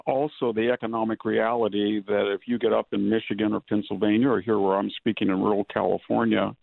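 Older male guest, low gravelly voice, thin phone-line sound, analytical interview talk. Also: no room sound. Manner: measured, analytical, digressive. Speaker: guest, historian and author. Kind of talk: political interview. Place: rural California. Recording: dry phone-line audio.

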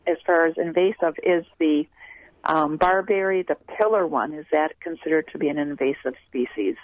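A woman's voice: on the low side, dry recording. Polite woman caller on a muffled line. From Wisconsin, USA. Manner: polite, detailed and a bit rambling. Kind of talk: phone-in question. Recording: muffled phone-in audio on radio.

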